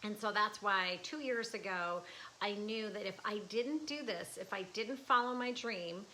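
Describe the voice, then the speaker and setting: This is a casual livestream chat by a woman artist in her fifties, speaking from her art studio with emotion, laughs, and restarts. She has a sharp, mid-range voice at a measured pace, captured in a rough recording with slight background noise.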